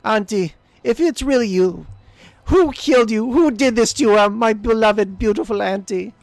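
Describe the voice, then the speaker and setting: A man's voice: extremely high pitch, moderate pace, sharp tone, no room sound, soft background music, pitched above the performer's own voice, heavily acted. A man voicing a small, timid halfling hero who pleads in a frightened, childlike way. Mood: pleading.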